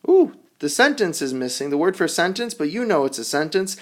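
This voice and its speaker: A man teaching English vocabulary, leading a call-and-repeat drill with slow, exaggerated enunciation. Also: fairly high pitch. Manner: animated, sing-song teacher delivery. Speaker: ESL teacher.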